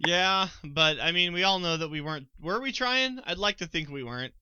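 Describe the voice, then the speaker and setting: A man's voice: high voice, lively intonation, a little fast, sharp tone, smooth, no room sound. A man co-hosting a casual sports podcast, rambling with stammered restarts and frequent ums. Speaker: podcast co-host.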